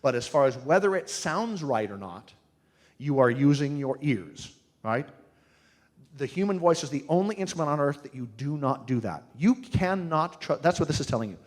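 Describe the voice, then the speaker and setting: Animated, joking male singing teacher. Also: on the high side, brisk. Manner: humorous, animated, demonstrates with his own voice. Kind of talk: live workshop talk. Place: room with a live audience.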